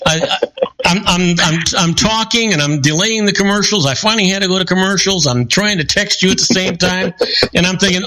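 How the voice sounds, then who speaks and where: Older male talk radio host, high bright voice, casual banter. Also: a little fast, poor audio.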